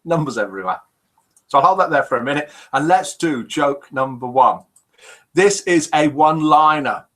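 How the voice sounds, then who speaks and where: A man's voice: medium pitch, expressive, brisk, fairly bright tone, rough recording. An older man from the UK hosting a live show, chatty and jokey as he reads viewers' messages aloud. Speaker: host of a live interactive show. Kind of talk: live-stream chat reading viewer comments.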